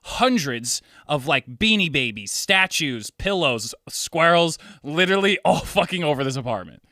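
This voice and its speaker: Bright, rambling young man telling stories. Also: fairly high pitch, sing-song, normal speed, dry recording, studio quality. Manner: rambling storyteller, constant "like" fillers. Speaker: podcast co-host. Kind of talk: casual chat.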